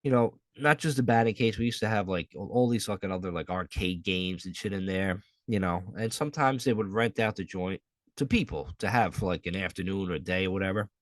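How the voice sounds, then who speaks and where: A man's voice: sits low, a little fast, no room sound. A young adult man hosting a podcast solo, telling a rambling, profane story in a casual way. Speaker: podcast host.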